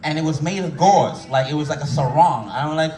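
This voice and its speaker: A man doing profane stand-up storytelling, loud and animated, acting out voices as he tells an anecdote. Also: on the high side, brisk, echoey room, recorded from a distance. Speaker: stand-up comedian.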